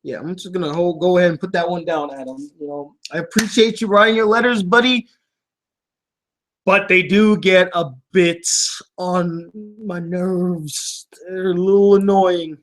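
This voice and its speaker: A man's voice: sits high, steady tone, measured pace. A man hosting a casual vlog, reading out fan mail in a sarcastic, laughing way.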